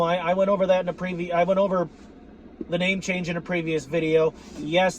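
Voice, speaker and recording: Man, high voice, profane rambling sports rant, shouts at times, faint hum behind. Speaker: sports fan vlogger. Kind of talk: ranting fan commentary to camera.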